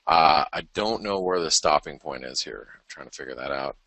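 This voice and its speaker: Man, market show host, casual chart talk, low voice, forceful bright tone, thinks aloud. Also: a little fast, no echo. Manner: chatty, self-deprecating, thinking aloud.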